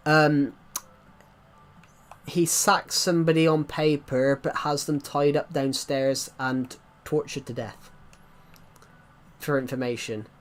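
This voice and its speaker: A man's voice: a little high, fairly even intonation, takes it slowly, long pauses. A man with a West Country accent chatting casually to his viewers while playing a game, rambling and restarting his sentences. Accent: West Country English. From England. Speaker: streamer. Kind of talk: casual live-stream chat while playing.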